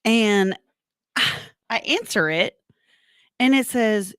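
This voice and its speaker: A woman co-hosting a radio show, telling a story in casual chat with lively delivery and frequent laughter. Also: lowish voice, moderate pace, dry recording, clean studio sound. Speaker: radio co-host. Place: radio studio. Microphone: studio microphone.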